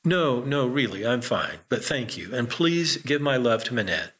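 A man voicing an elderly, proud, bilingual man who speaks in hurried, clipped phrases and is easily stirred to rage. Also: medium pitch, expressive, a bit bright, lightly acted. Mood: shaken, polite.

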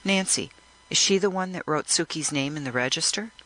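A man's voice: fairly high pitch, brisk, sharp tone, pitched above the performer's own voice, low-quality recording. A man reading an audiobook, voicing an anxious teenage girl who asks probing questions. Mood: questioning.

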